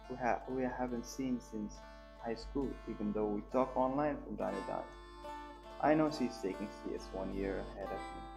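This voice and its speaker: A man's voice: creaky, low-quality recording. Young man reading a game aloud. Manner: animated, voices the dialogue lines higher and louder. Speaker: streamer. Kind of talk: reading a visual novel aloud with reactions. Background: guitar music.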